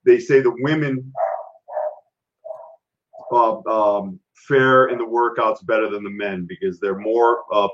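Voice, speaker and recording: A man's voice: medium pitch, muffled recording. A man hosting an interview, earnest and affirming, often restarting his phrases. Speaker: interview host. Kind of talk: conversational interview.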